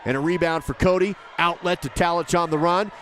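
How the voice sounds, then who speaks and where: A man calling a high school basketball game play by play, rapid and rising with each basket. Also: steady tone, fairly bright tone, a faint crowd, a little hiss or hum. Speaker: play-by-play commentator. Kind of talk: live basketball commentary.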